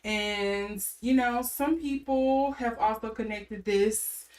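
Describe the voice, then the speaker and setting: A woman's voice: a little high, slow, a little mellow, distant mic, poor audio. A woman tarot reader chatting casually to her viewers from her room, rambling with many ums and self-corrections, in a strange put-on accent she can't place. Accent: an odd put-on accent she cannot place. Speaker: tarot reader and channel host. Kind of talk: casual chat to camera.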